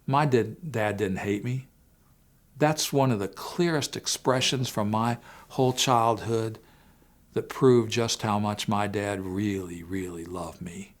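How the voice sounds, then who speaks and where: A man speaking to parents in a faith-based family talk, telling a personal story earnestly and swinging between hushed and emphatic moments. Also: on the low side, steady tone, slow. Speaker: Christian family-series speaker.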